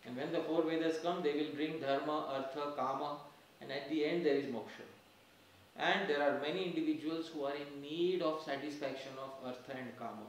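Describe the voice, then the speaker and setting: A man's voice: a little high, steady tone, fairly quick, a little hiss or hum. A man giving a religious class, explaining points emphatically and repeating key phrases, recorded from a distance in a temple hall. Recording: very echoey temple hall from far off.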